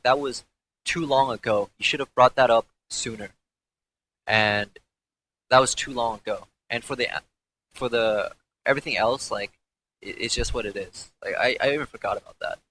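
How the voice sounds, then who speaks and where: A young man tells his story in a candid interview, often restarting his sentences and cursing freely. His voice is bright and forceful, and a faint hiss sits under the recording. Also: medium pitch, low-quality recording. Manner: rambling, profane, frequent restarts. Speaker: former pro gamer.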